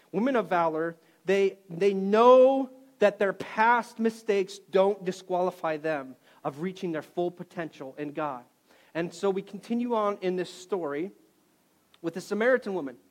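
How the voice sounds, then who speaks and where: A middle-aged man preaching a sermon, telling a personal story in an animated way that swings between loud and quiet. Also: a little high. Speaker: pastor.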